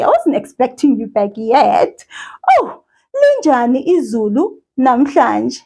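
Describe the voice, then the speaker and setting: A woman with a high, light voice runs a language lesson for young children. She talks slowly and cheerfully, in a sing-song way, as if straight to a small child watching. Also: big pitch swings, gravelly, a little mellow, slightly rough. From South Africa. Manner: cheerful, slow and sing-song, speaking directly to a child viewer.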